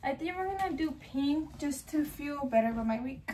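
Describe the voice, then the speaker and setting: A woman's voice: high-pitched, lively intonation, normal speed, warm tone, slight background noise. A young woman chatting casually to camera in a home vlog, rambling on as a self-described yapper, recorded on her phone at home. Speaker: vlogger.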